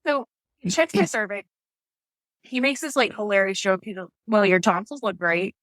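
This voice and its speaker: Animated woman telling her birth story. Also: mid-range voice, moderate pace, dry recording. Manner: animated storytelling, acts out quotes. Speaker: podcast guest.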